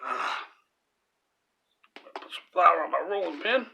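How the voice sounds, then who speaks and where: Bright-voiced man, profane cooking vlogger. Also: high-pitched, animated, slow pace, creaky, slight background noise. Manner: profane, laughing, rambling anecdote delivery. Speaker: home cooking channel host. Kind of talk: crude storytelling while cooking.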